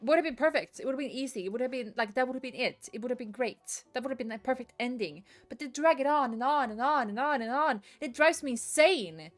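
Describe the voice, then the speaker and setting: A woman's voice: a little high, quick pace, hardly any pauses, soft background music. A woman streaming a game from her room at home, ranting in exasperation, swearing and repeating herself. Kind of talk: live-streamed gameplay commentary. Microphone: desk mic at the computer.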